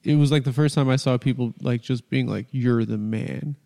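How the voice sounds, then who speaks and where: A man's voice: medium pitch, fairly even intonation, moderate pace, creaky, dark tone, big-room sound. A man hosting a podcast, chatting casually and telling rambling, crude, comedic stories. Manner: rambling, storytelling, crude humor. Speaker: podcast host.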